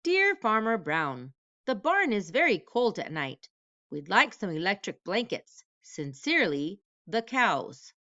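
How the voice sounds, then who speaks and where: Polite but stubborn letter-writing cows, as a woman reads their notes, prim and formal. The voice is bright and smooth, with a slow, deliberate pace. The recording is dry and slightly dull. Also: medium pitch, sing-song, no room sound. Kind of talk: read-aloud storybook voice.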